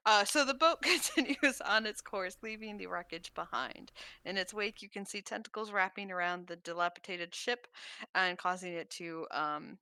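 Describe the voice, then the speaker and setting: A woman's voice: medium pitch, moderate pace, pushed and bright, smooth, no room sound. A woman narrating as game master of a tabletop game, casual with many fillers.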